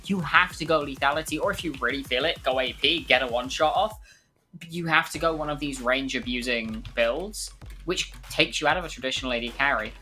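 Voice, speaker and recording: A woman giving emphatic, rapid-fire live esports analysis. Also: rumbling low, bright, forceful tone.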